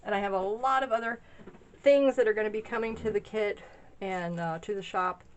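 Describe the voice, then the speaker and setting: A middle-aged woman chatting casually in a vlog, gushing and rambling excitedly as she shows off vintage craft finds. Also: medium pitch, brisk, muffled recording, a little hiss or hum. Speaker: craft shop owner sharing a haul.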